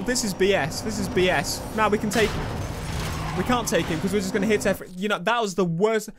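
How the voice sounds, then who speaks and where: A man giving excitable let's play commentary over a racing game, swinging between muttering and shouting. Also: high voice, brisk, very noisy. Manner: excitable, shouts and laughs at the race. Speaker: gaming YouTuber. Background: game music and engine sounds.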